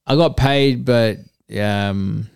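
A man, a podcast guest telling a story slowly and jokily, with many fillers. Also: medium pitch, creaky, a little mellow, clear, resonant tone, no echo, studio quality. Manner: slow, hesitant, jokey storytelling with many fillers. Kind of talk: casual podcast chat.

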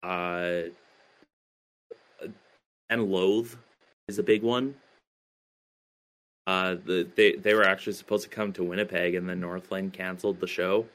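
A man's voice: deep voice, steady tone, unhurried, pauses often, a bit bright. A man chatting as a podcast guest about his band, talking hesitantly with many fillers and restarts. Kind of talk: casual interview chat.

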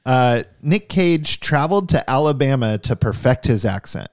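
A man's voice: medium pitch, animated, normal speed, no echo, studio quality. A man hosting a casual movie podcast, reading out fun facts and laughing often as he leads the talk. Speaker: podcast host.

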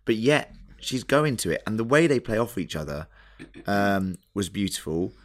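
A man's voice: on the low side, big pitch swings, moderate pace. A man co-hosting a podcast, chatting with enthusiasm about a TV episode, saying "like" a lot. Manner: enthusiastic, says "like" often, swears. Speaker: podcast co-host. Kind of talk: casual chat reviewing a TV episode.

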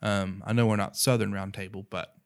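Earnest Appalachian man, low voice. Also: flat delivery, fairly quick, clear, resonant tone. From North Carolina. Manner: earnest, rambling, many "you know" and "right". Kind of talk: casual faith talk.

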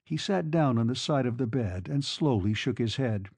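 Steady male audiobook narrator, dark voice. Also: mid-range voice, vocal fry, slightly rough, no echo. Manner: measured, steady. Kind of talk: scripted narration.

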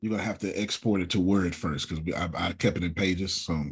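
A man leading a casual work meeting, animated and joking, with a drawling, husky voice. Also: sits low, fairly quick. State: sore after workouts. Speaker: business owner leading a team meeting.

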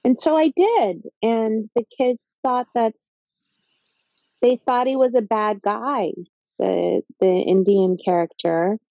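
A woman's voice: fairly high pitch, slow pace, gravelly, no echo. A Mohawk woman, a podcast guest, telling a personal story in an earnest, reflective way. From Mohawk Nation, North America. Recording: slightly dull lo-fi sound.

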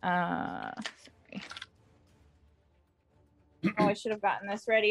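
A woman's voice: mid-range voice, a little slow, gravelly, pauses often. A woman playing a tabletop game, flustered and apologetic, filling her turn with ums. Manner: flustered, apologetic, many fillers. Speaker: player.

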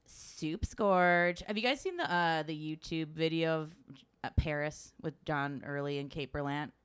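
Animated, chatty woman with a smooth voice. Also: low-pitched, a little slow. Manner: animated storyteller, swears freely, acts out quotes. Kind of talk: casual chat.

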